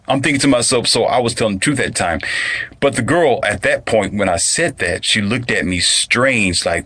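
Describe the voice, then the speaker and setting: A man's voice: medium pitch, animated, brisk, sharp tone, slightly rough. A man giving a blunt, preachy motivational monologue, repeating himself and using street slang. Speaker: motivational speaker.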